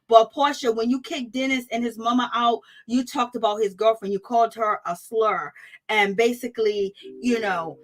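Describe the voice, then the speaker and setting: A woman's voice: a little high, moderate pace. A woman host reviewing reality TV in casual, gossipy commentary, laughing often and greeting viewers in her chat. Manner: animated, gossipy, laughs often, African American Vernacular phrasing.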